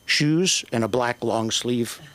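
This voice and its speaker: An older man doing profane, rambling stand-up comedy at an open mic, with sudden shouted bursts. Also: medium pitch, slow. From Northern Ireland.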